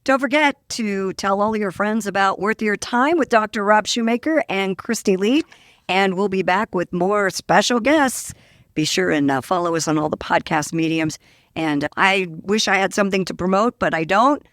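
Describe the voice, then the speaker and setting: A woman host carries a casual podcast chat with an upbeat, chatty manner. Her pitch sits in a middle range, and she is recorded close and dry. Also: normal speed, fairly bright tone, dry recording. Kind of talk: casual interview.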